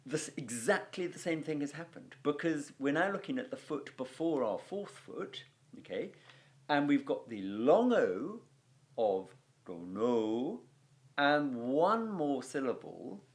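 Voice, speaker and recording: A male Latin teacher walks through a video lesson, his voice rising and falling with lively energy. He talks in a chatty, enthusiastic way, tossing in fillers and playful sound effects as he explains. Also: medium pitch.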